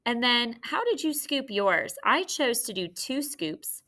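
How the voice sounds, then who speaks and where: A woman teaching a recorded phonics lesson to children, encouraging and clearly sounding out syllables. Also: medium pitch, animated, moderate pace, hardly any pauses, pushed and bright.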